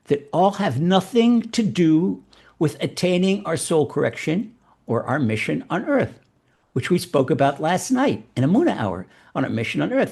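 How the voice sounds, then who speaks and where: A man telling a religious fable and drawing its lesson, animated and prone to repeating words. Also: sits high, creaky, breathy edge. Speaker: rabbi storyteller.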